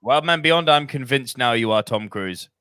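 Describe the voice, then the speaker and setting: A man's voice: mid-range voice, lively intonation, sharp tone, clear, resonant tone, no room sound. Teasing man on a dry mic. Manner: teasing, swearing, quick laughter. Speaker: host reading viewer comments. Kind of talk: casual live-stream chat.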